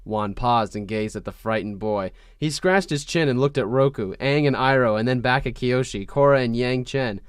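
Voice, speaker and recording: A man's voice: medium pitch, moderate pace, hardly any pauses, clean tone, no echo, studio quality. A man hosting a comedy podcast, reading fan fiction aloud with mock-dramatic flair and laughing at the text.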